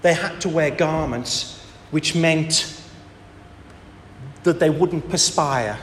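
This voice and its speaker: A man preaching a sermon with emphatic delivery, rhetorical questions and dramatic pauses, in a church hall. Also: a little high, a bit bright, a little hiss or hum. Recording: echoey hall with faint ambience.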